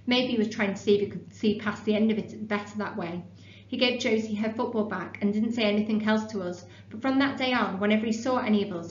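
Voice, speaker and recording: Woman teacher reading a storybook to a class, roomy classroom, muffled lo-fi sound. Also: mid-range voice. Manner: steady storybook reading, with brief explanations. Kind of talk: reading a children's novel aloud to a class. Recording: roomy room, dull lo-fi sound.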